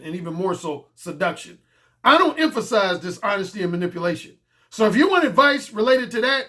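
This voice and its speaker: A man's voice: high voice, bright, forceful tone. A middle-aged man giving a blunt, emphatic solo commentary as a dating coach, repeating his points for stress.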